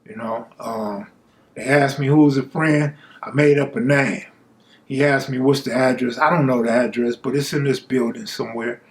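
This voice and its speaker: A man's voice: mid-range voice, fairly even intonation, moderate pace. A man from Los Angeles telling a story from his own life in a casual, blunt and profane way, acting out the people he quotes. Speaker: live-stream storyteller. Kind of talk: casual first-person storytelling.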